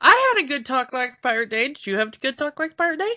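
A young adult woman co-hosting a podcast in casual chat, quick with agreeable interjections. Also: sits high, very animated, bright, forceful tone, no echo, dull audio. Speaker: podcast co-host.

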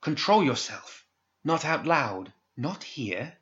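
A man's voice: fairly high pitch, very animated, slow pace, a bit bright, dull audio, voice pushed up, exaggerated voice. A man voicing a stern, impatient older girl who gives curt, scolding commands. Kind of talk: audiobook character voice.

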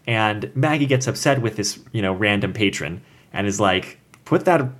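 A man's voice: fairly low pitch, normal speed, a bit bright. A man casually discussing a book chapter with friends, rambling and filling with "like" and "you know". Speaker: podcast co-host discussing a book.

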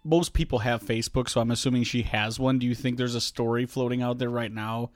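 A man's voice: medium pitch, fairly even intonation, a little fast, no echo, soft background music. A man, a podcast co-host, telling a family anecdote in casual chat with dry asides.

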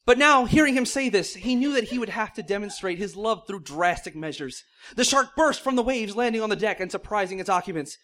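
A man's voice: high voice, expressive, fairly quick, fairly bright tone, slight background noise. A man reading silly fan fiction aloud in mock-serious narration, often breaking into laughter. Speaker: comedic reader.

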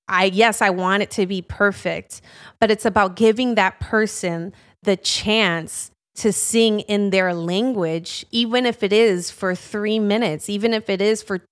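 An earnest woman worship leader chats casually as a guest, her pitch sitting in an ordinary middle range. She talks encouragingly and peppers her sentences with "like." Her delivery stays warm in intent and conversational throughout. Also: steady tone, measured pace, smooth. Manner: earnest and encouraging, many "like" fillers. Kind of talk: casual interview chat.

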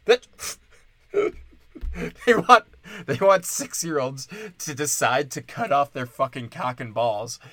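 A man from Wisconsin delivers a profane, sarcastic solo rant, swinging between mocking asides and exasperated outbursts. His voice sits at an ordinary middle pitch. The sound is dry and close, with no room echo. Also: a bit bright.

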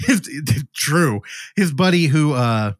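A man's voice: fairly high pitch, expressive, slow pace, dry recording, clean studio sound. A man co-hosting a casual podcast, rambling and joking as he retells a film and acts out the characters' lines. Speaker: podcast co-host.

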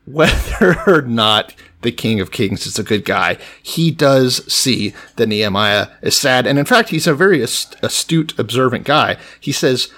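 A man's voice: medium pitch, unhurried, few pauses. A man co-hosting a casual, profane chat, retelling scripture in slangy paraphrase. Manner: animated, swears freely, paraphrases scripture in slangy voices. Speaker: podcast co-host.

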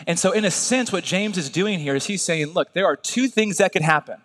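A man's voice: sits high, animated, brisk, fairly bright tone. Folksy male pastor, echoing hall. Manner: conversational, folksy, asks listeners along. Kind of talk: sermon.

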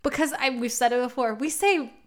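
A woman from the American Midwest with a Midwestern accent, co-hosting a podcast in casual chat and telling things in an animated, giggly way. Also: high voice, a little fast. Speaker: podcast co-host.

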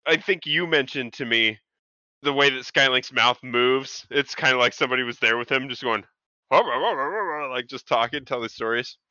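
A man's voice: medium pitch, steady tone, moderate pace, bright, forceful tone, clean tone, no room sound, lo-fi sound. A man co-hosting a podcast in casual chat, enthusiastic and laughing often. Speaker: podcast co-host.

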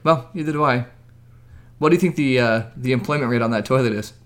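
A man's voice: medium pitch, fast. A man co-hosting a podcast in casual chat, teasing with dry quips. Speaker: podcast co-host.

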